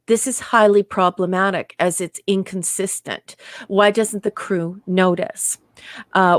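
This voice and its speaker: A woman co-hosting a casual review podcast, animated and laughing often as she reads from her notes. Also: on the low side, no echo, studio quality. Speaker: podcast co-host.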